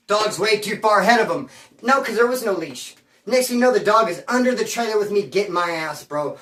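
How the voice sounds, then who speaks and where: A man telling a story from his past in casual, slangy street talk, rambling and animated and calling the listener homeboy. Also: high-pitched, fast talker. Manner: rambling and animated, with sound effects. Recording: roomy sound from a distance.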